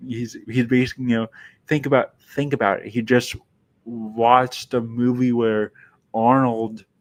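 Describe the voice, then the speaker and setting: A man's voice: mid-range voice, level tone, measured pace. A man giving a casual film review monologue, rambling and often restarting his sentences.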